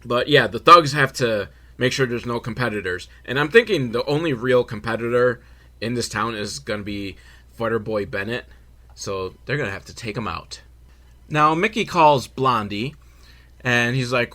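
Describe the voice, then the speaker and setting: A man's voice: mid-range voice, animated, normal speed, pushed and bright. A man giving a sarcastic, swearing comedy recap of a film and laughing at his own jokes. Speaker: movie recap host.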